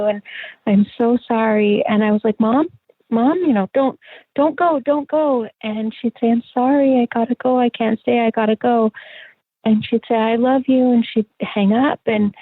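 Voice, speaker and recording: A middle-aged woman, an interview guest, telling a personal story in a halting, reflective way with many fillers. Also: mid-range voice, gravelly, dry recording. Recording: tinny phone-line sound.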